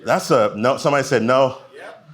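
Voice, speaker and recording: A man in his forties delivers a stand-up set at a live comedy venue in a brisk, medium-pitched voice. His storytelling is animated, and he acts out the people he describes.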